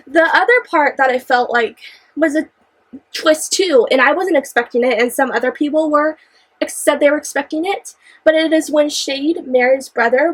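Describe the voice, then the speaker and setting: High-voiced young woman gushing about a book. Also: slightly rough, poor audio. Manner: gushing, exclamatory, repeats herself when worked up. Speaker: book reviewer. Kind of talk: excited casual book discussion.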